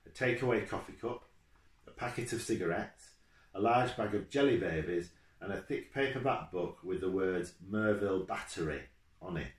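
A man, the author, reading his children's book aloud at home in a steady, measured way, recorded on a home video camera. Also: low voice. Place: room at home, with his dog beside him. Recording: echoey room.

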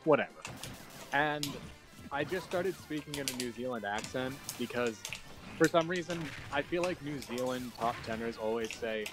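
A man's voice: medium pitch, expressive, moderate pace. A young man casually chatting while streaming a game, joking, riffing and swearing loosely. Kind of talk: casual gaming stream chat. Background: game music.

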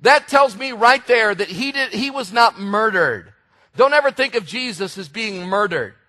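High, bright-voiced animated male preacher. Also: moderate pace. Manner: animated storytelling preacher, shouts for emphasis. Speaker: pastor. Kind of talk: sermon.

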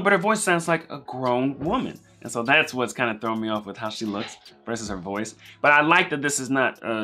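A man hosting a live-stream reaction, chatting casually and thinking out loud in a rambling way. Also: fairly high pitch.

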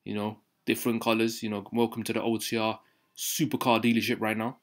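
A young man giving excited, slangy commentary on his gameplay, talking straight to his viewers as a regular YouTube host. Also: on the low side, fairly quick. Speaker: gaming YouTuber.

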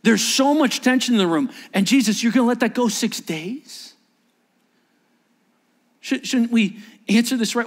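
A man's voice: extremely high pitch, a little slow, pauses often. A man preaching a sermon in church, dramatically acting out the voices of the people in his story. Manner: dramatic, acts out quoted disciples with shifting voices. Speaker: pastor.

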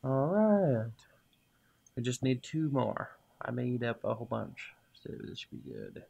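A man's voice: medium pitch, huge pitch swings, a little slow, creaky, warm tone, slightly rough, highs cut off. A man casually commenting as he plays a game, talking to the items and muttering to himself, then cheering when things work. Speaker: gaming video host. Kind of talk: casual let's-play commentary.

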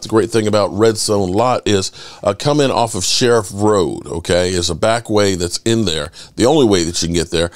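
A middle-aged man hosting his sports channel, chatting casually and rambling through stories with lively swearing. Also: on the low side, no echo. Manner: animated storyteller, swears freely. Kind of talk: casual rambling fan chat.

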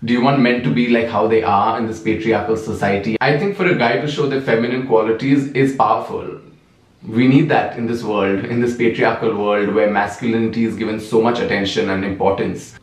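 A man's voice: lowish voice, a little fast. Young man with an Indian accent, effeminate, passionate vlog rant, mic at a distance in an echoey room. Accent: Indian-accented English. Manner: effeminate, impassioned and emphatic. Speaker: vlogger. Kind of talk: get-ready-with-me vlog rant.

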